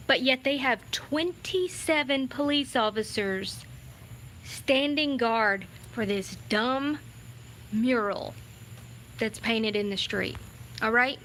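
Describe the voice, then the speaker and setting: A woman giving excited, chatty commentary on a live stream, talking straight to her viewers. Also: on the high side, slight background noise. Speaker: vlogger.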